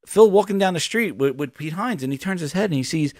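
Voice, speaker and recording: Animated man telling a gaming story. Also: on the high side, fast, dry recording, clean studio sound. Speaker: podcast host. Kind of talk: casual gaming news commentary.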